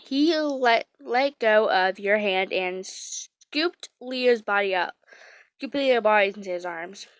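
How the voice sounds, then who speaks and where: A woman reading fan fiction aloud and reacting emotionally, in halting, gushing speech. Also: mid-range voice, lively intonation, clear, resonant tone, dry recording.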